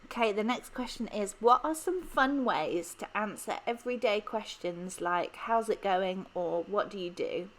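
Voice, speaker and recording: A woman's voice: medium pitch, animated, a little slow, hardly any pauses. A woman in her thirties from England with an English accent, chatting casually and rambling with many ums while she plans. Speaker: planner vlogger. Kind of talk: casual chat while planning.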